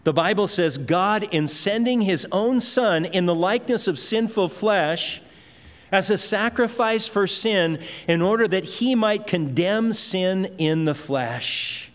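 A man's voice: sits high, slow pace, fairly bright tone. A man preaching a sermon with emphatic delivery, repeating words and shifting his pace. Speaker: pastor. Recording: long hall reverb.

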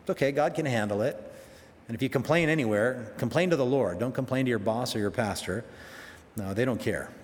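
A man preaching a sermon, animated, acting out quoted prayers with sudden leaps in pitch. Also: a little fast. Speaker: pastor. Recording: long hall reverb.

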